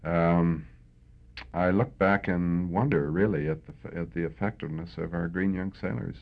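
An older Canadian man speaks in a very deep, gravelly voice with a husky edge. He reflects slowly, pausing and restarting as he recalls events. The sound is thin and tinny, like an old phone-line recording. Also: fairly even intonation. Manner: reflective, hesitant with many fillers. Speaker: veteran interviewee. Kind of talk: oral history interview.

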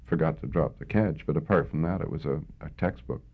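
An older Canadian man speaks in a very deep, gravelly voice with a husky edge. He reflects slowly, pausing and restarting as he recalls events. The sound is thin and tinny, like an old phone-line recording. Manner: reflective, hesitant with many fillers. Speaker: veteran interviewee. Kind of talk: oral history interview.

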